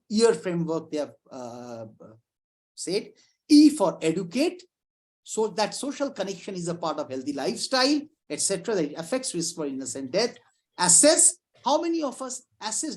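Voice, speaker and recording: A middle-aged woman, a psychiatrist giving an informal lecture over a video call, talking in a lively, conversational way with frequent restarts and asides. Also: mid-range voice.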